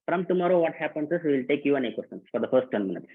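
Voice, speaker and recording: A man's voice: on the high side, lively intonation, rapid-fire, husky. Man hosting a tinny online workshop. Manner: casual, repetitive, calls out names and instructions. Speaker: workshop host. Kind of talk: live online workshop, greeting participants. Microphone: online video call. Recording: tinny phone-like call audio.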